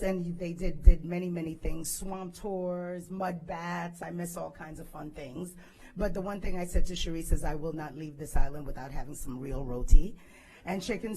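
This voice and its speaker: Polished lady thanking folks at an event, husky warm voice. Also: fairly low pitch, rough recording. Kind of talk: formal speech at an event.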